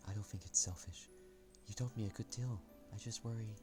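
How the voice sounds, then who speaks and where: A man reading the lines of a gentle, caring friend who worries a lot, in a soft, earnest way. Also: fairly low pitch, a little fast, soft background music, lightly acted. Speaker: visual novel character. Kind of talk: reading game dialogue aloud.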